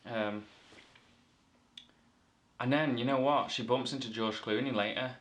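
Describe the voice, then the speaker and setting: A man's voice: medium pitch, fairly even intonation, measured pace, long pauses, a bit bright. A man from the north of England giving a rambling, playful comic movie review full of self-corrections.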